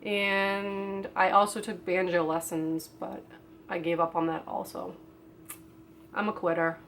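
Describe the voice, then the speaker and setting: A woman's voice: lowish voice, level tone, measured pace, noisy background. A young woman vlogging a casual question-and-answer video, reading each question aloud and answering off the cuff with lots of fillers. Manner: rambling, with many fillers.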